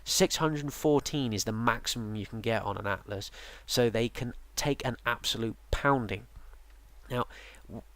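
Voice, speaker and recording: A tired man talks through a game guide in a loose, rambling way, stopping often for ums and restarts. His voice sits at an ordinary middle pitch. The recording is dry and close, with no room sound. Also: normal speed, dry recording. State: yawning, tired. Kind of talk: casual game tutorial narration.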